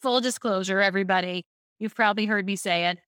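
Bright-voiced woman speaking coach. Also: medium pitch, fast talker, clean tone, dry recording, studio quality. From Baltimore, USA. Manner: lively storyteller, animated asides. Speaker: speaking coach, podcast guest. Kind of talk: casual podcast interview.

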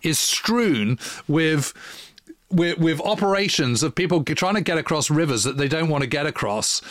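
A man with a fairly high voice talks through wartime history in an easygoing podcast conversation, stumbling and restarting as he goes. His delivery is animated, and the sound is close and dry. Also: moderate pace, dry recording. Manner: animated, many restarts, quotes others in put-on voices. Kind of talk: casual history discussion.

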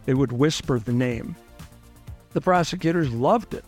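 A man's voice: medium pitch, moderate pace, a little mellow, soft background music. A man, a lawyer, telling his own story in an interview and acting out other people's lines with animation.

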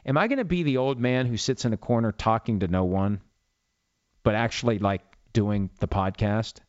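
A man's voice: on the low side, normal speed, no room sound, lo-fi sound. A man in his fifties hosting a sports talk podcast alone, rambling and opinionated with a self-mocking streak. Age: 50s. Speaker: sports radio podcast host. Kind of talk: solo talk show monologue.

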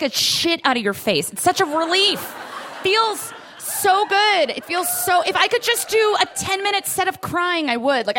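A woman's voice: sits high, a bit bright, slight background noise. A young woman doing a stand-up set in a club, self-deprecating and giggly, laughing through her lines. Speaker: stand-up comedian. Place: comedy club in Brooklyn. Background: audience laughter.

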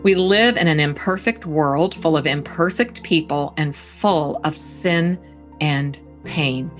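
A woman hosting a talk radio interview, asking questions and reading aloud with emphatic, expressive delivery. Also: low voice, slow pace, faint music behind. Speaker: radio host.

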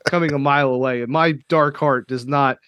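A podcast host from Kentucky in casual chat, animated and emotional, swearing casually. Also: male voice, mid-range voice, a little fast, clear, resonant tone, no echo, clean studio sound.

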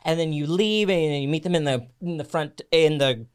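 A man's voice: fairly high pitch, fairly quick, clean tone. A man co-hosting a casual podcast, blunt and profane, who mocks people by putting on their voices. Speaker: podcast co-host, realtor.

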